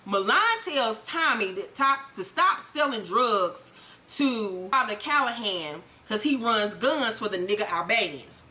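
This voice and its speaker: A woman giving a blunt, animated, profane TV episode recap as host. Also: medium pitch, measured pace.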